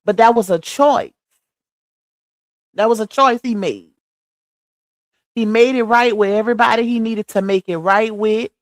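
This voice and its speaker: A woman's voice: fairly high pitch, measured pace, pauses often, no room sound, studio quality. A woman hosting a casual livestream, chatty and preachy, talking straight to her viewers as "y'all.". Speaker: livestream host.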